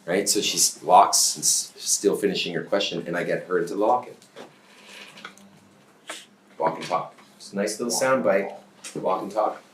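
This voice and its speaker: A very deep-voiced man coaching a bootcamp group in a loose, chatty way, often checking in with them. He sounds far from the mic in an echoey room. Faint background noise sits under him. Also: normal speed, pauses often. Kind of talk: teaching a bootcamp session.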